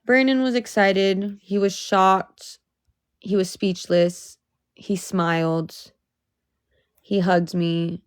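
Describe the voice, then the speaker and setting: A woman's voice: mid-range voice, fairly even intonation, slow pace, smooth, no room sound. Emotional young woman venting on a livestream. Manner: emotional, swearing, rising to exasperated outbursts. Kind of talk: casual livestream chat.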